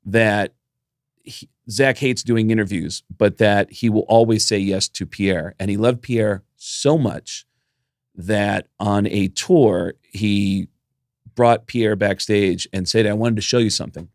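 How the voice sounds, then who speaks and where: A middle-aged man on a podcast tells a rambling story with real energy. His pitch jumps up whenever he quotes someone, and he drops in casual swearing. The sound is dry and close, with no room around it. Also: takes it slowly, darkish tone, dry recording. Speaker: podcast co-host.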